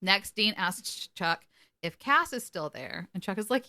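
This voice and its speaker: Bright-voiced woman co-host, animated casual storyteller. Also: mid-range voice, unhurried. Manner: animated retelling, quoting characters with laughs. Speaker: podcast co-host. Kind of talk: casual episode recap.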